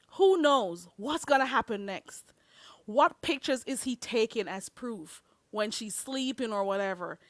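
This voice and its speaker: Woman, vlog host, heated rant, heavy swearing, repetitive, average pitch, dry close sound. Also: a bit bright, dry recording. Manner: profane, confrontational, repetitive. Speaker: channel host.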